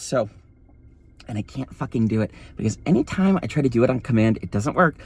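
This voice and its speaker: A man's voice: mid-range voice, big pitch swings, quick pace, a little mellow, slightly rough, dry recording. A man telling a story in a campy, sassy, profane way, his voice often taken for a woman's. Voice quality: voice read as feminine. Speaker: vlogger. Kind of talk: casual storytelling vlog.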